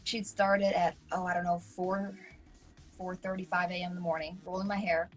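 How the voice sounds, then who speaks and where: A woman co-hosting a casual live chat, telling stories in a lively way and acting out other people's lines. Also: on the low side, a little fast, faint music behind, low-quality recording. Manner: animated storyteller who acts out quoted voices. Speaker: co-host.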